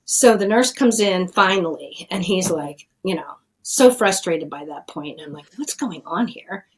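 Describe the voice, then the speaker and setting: A woman's voice: lowish voice, lively intonation, unhurried, husky, low-quality recording. Middle-aged woman guest, earnest and plainspoken storyteller. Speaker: addiction scientist, guest. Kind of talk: conversational storytelling.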